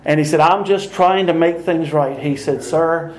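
Animated older male preacher, high voice. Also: normal speed, roomy sound, slight background noise, rough recording. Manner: animated, laughing often, acting out dialogue. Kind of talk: sermon with storytelling.

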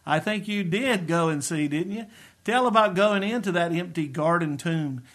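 A middle-aged man delivers a sermon in a fairly high voice. He is earnest and emphatic, and he draws out the phrases he wants to land. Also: fairly bright tone. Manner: earnest, emphatic preaching with slow stressed phrases. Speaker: preacher. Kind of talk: sermon-style teaching.

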